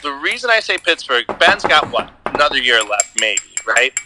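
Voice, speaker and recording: A man on a podcast as a guest, chatting about sports in a relaxed, laid-back and agreeable way. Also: mid-range voice, normal speed, background noise. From New England. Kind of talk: casual sports chat.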